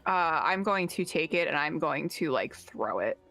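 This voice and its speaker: A young woman player describes what her character does, hesitant and full of fillers. Her voice is somewhat low for a woman, with faint music behind her. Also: lively intonation, normal speed, a bit bright. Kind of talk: playing a tabletop game.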